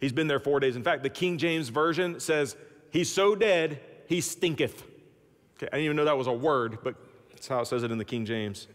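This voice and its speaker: Guy pastor preaching, swings loud and soft, folksy jokes, big church echo. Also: quick pace. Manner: animated storytelling with big swings in pitch and loudness; folksy, humorous asides. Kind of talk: sermon. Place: church sanctuary. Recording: long church-hall reverb.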